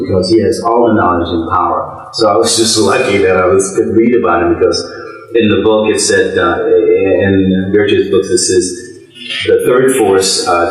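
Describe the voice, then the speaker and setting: A man in his seventies telling his life story in an oral history interview, rambling and talkative, often breaking into laughs. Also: sits low. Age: 70s. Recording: very echoey room.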